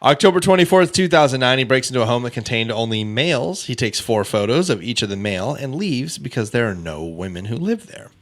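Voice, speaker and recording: A man hosting a casual true crime podcast, reading out a case timeline with offhand asides and quick self-corrections. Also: mid-range voice, big pitch swings. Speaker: podcast host.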